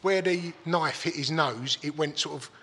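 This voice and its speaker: A man's voice: a little high, normal speed, pushed and bright, slightly rough. A man telling a story in casual chat, swearing freely and restarting his sentences. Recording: long hall reverb.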